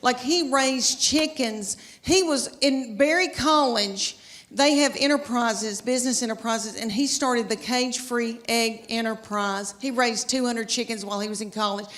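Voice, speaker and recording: A woman's voice: fairly high pitch, measured pace, fairly bright tone, in a large hall. A woman in her fifties with a Southern American accent, performing stand-up comedy and talking straight to the audience in a chatty drawl. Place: theater stage before a live audience.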